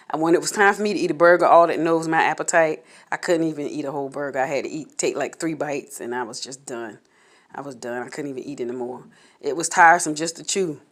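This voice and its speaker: A woman vlogger candidly recounting a personal experience to camera, halting and repeating words as she goes. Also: low voice, a bit bright. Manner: candid, halting, repeats words while telling her story.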